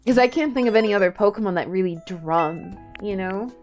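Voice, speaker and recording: A woman streaming a game live, chatting casually, excitable and a little shy in her asides. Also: mid-range voice, a little fast, soft background music.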